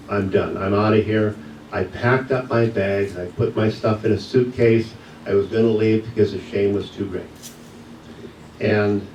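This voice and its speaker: A guest speaker who teaches yoga shares a personal story during a church message, pausing often and laughing softly. His voice is lowish, picked up by a distant mic in an echoey sanctuary, with a little hiss or hum.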